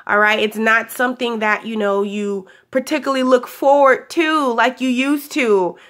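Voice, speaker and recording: Young woman, high bright voice, slightly hoarse, affectionate chatty spiritual vlogger. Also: moderate pace. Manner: chatty and affectionate, laughs often, calls listeners "honey". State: voice still recovering, a little hoarse. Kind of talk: casual spiritual pep talk.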